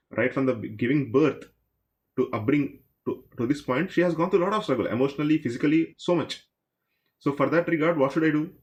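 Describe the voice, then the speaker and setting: A man who teaches a devotional story class and speaks conversationally, addressing his listeners directly. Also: mid-range voice.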